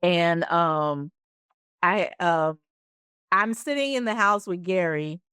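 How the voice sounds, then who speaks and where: A middle-aged actress telling stories as a guest in an interview, acting out the voices of people in them. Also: female voice, lowish voice, slow, smooth, no room sound, clean studio sound. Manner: animated, acts out voices in her stories. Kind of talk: storytelling interview.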